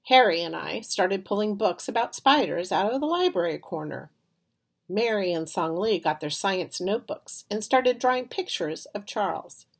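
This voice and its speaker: A woman reading a children's chapter book aloud in an expressive storytelling manner. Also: mid-range voice, normal speed, breathy edge. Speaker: reader.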